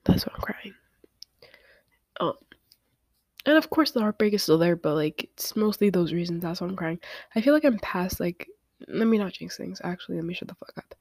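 A young woman hosting a podcast, talking through tears in a halting confessional monologue and often dropping to a whisper. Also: lowish voice, expressive, darkish tone, no echo, clean studio sound. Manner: tearful, halting, many fillers, often drops to a whisper. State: crying. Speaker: podcast host.

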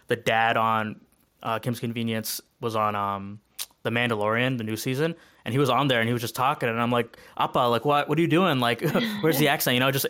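Brief: male co-host, rapid filler-heavy delivery, passionate, smooth clear voice, slightly low. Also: bright, forceful tone. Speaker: podcast co-host. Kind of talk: casual chat.

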